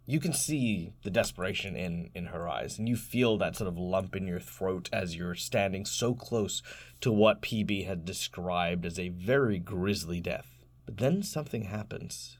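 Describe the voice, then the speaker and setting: A man narrating a tabletop game as game master, describing scenes in detail, laughing often and slowing down for dramatic moments. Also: deep voice.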